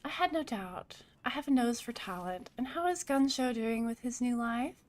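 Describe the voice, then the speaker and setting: A woman voicing a polite, sweet-voiced female crime boss in a game, measured and courteous. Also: a little high, expressive, close to an everyday voice. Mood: gracious. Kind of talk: reading game dialogue aloud.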